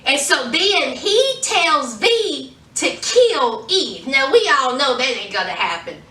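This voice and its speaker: Brief: animated woman reviewer, slow and unhurried, acts out the lines, bright tone. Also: high-pitched, roomy sound, far from the mic. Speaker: TV show reviewer. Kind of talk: casual episode recap.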